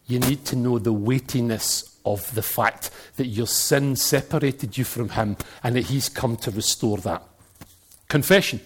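A middle-aged man with a Glaswegian accent preaching a sermon, telling animated stories and jokes and now and then breaking into shouts. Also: mid-range voice, measured pace, breathy edge.

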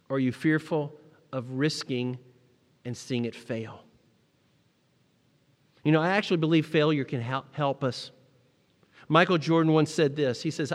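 A middle-aged man preaching a sermon, telling personal stories, rising to emphatic peaks and dropping to quiet moments. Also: fairly high pitch, long reverb tail. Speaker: pastor.

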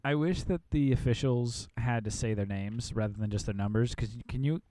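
A man's voice: medium pitch, normal speed, mellow, dry recording. A man co-hosting a podcast, joking wryly in casual chat. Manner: joking, wry. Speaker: podcast co-host.

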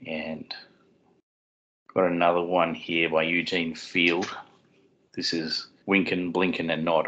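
A man's voice: deep voice, fairly even intonation, measured pace, long pauses, sharp tone. A man co-hosting a podcast, explaining scripture in a casual way with dry little puns. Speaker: podcast co-host. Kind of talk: casual chat and Bible teaching. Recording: dull lo-fi sound.

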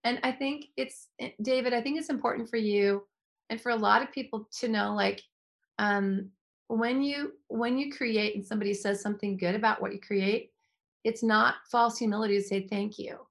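A woman's voice: medium pitch, fairly even intonation, moderate pace, creaky. A woman hosting a faith-based podcast, speaking earnestly and effusively with frequent restarts. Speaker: host.

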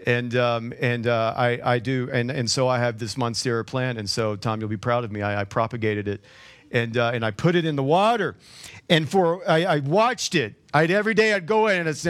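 A man's voice: mid-range voice, normal speed, fairly bright tone. A man preaching a sermon as the pastor, conversational, with joking asides to the congregation and frequent repeated words.

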